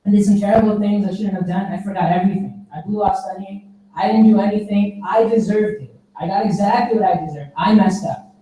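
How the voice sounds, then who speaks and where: A man's voice: high voice, a little fast, dark tone, close to an everyday voice. A man voicing a distraught teenage student who blames himself, in a pleading, despairing way, in an echoey hall from a distant mic. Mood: self-blaming.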